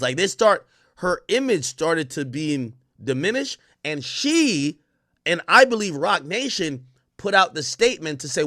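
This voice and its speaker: A man hosting a casual stream, talking to his chat in animated, profane commentary and acting out quotes. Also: a little high, measured pace, no room sound, studio quality. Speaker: streamer host.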